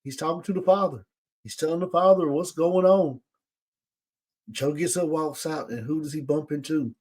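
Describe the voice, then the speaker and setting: A man with a somewhat high voice talks at a normal speed as he hosts a podcast. He casually recaps a TV episode, animatedly acting out the characters' lines along the way.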